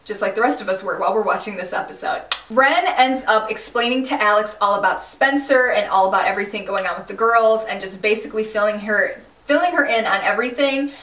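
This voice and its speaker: A woman casually recapping a TV finale, animated and slangy, exclaiming and laughing as she tells it. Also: medium pitch, fast talker, few pauses, far from the mic. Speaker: recap vlogger. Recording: echoey room, a bit off-mic.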